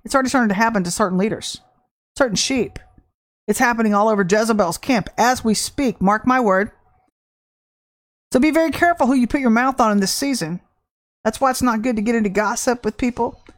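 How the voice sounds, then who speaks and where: Fervent woman preaching prophecy. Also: fairly high pitch. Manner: fervent, emphatic, shifts between drawn-out and rushed phrases. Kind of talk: prophetic sermon.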